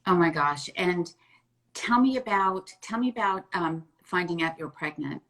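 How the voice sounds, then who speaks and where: A woman's voice: lowish voice, lively intonation, moderate pace, a bit bright. A woman interviewing a guest, giving short supportive prompts.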